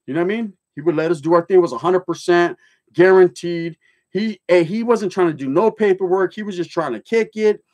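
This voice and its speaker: Talking a little fast in a slightly mellow voice pitched higher than most men's, a middle-aged Californian reads his livestream chat aloud and swaps old stories. His speech is loose, full of street slang and cursing.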